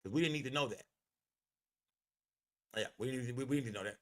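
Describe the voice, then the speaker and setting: A man's voice: medium pitch, fast. A man hosting a livestream, talking in a heated, profane and emphatic way, often repeating himself. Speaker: livestream host.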